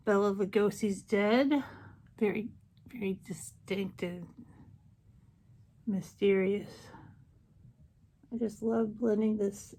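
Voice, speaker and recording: A woman's voice: mid-range voice, darkish tone. A woman makeup vlogger chatting casually through a tutorial, gushing about colors and tossing in jokey asides.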